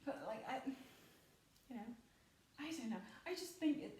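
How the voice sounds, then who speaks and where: High-voiced woman rambling in an echoey room. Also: expressive, normal speed, darkish tone, far from the mic, a little hiss or hum. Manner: rambling, filler-heavy, laughs often. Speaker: film commentary vlogger. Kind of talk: casual spoken commentary.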